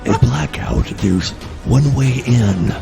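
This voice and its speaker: A man putting on the voice of a dramatic male movie-trailer announcer, with gravelly, drawn-out phrasing. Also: medium pitch, music in the background, voice pushed up.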